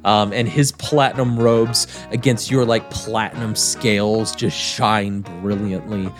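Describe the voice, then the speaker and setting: A man's voice: lowish voice, fairly even intonation, unhurried, music in the background. A man narrating a tabletop game as game master, casual with many fillers.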